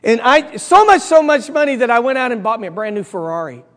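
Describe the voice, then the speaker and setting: A man's voice: extremely high pitch, expressive, fast talker, a bit bright, long reverb tail. A man doing a boastful Italian man. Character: Italian man who crashed his new sports car.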